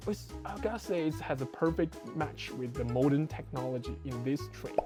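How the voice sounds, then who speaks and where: A vlogger walks through the train, chatting easily and starting many sentences with "well". English is not the here. Soft background music plays faintly. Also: medium pitch, moderate pace. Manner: relaxed, chatty, uses "well" often. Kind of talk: casual vlog tour.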